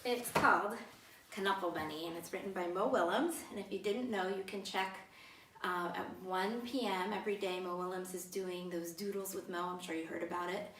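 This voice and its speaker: A woman's voice: fairly low pitch, steady tone, brisk, a bit bright. A woman leading a storytime for toddlers as a children's librarian, talking in a playful, sing-song way to small children. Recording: roomy sound from a distance with faint noise.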